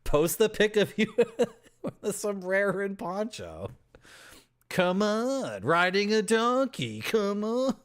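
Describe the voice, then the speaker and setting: With a high-sitting, clean voice that swings widely in pitch, a man speaks slowly while playing a game on stream. He's from Toronto, Canada, and his casual commentary is full of jokes and laughter with his chat.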